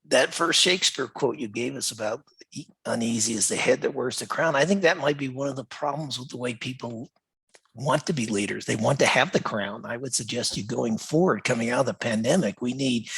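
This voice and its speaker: A man co-hosting a casual discussion, relaxed and asking questions back. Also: mid-range voice, creaky, slightly rough, no room sound.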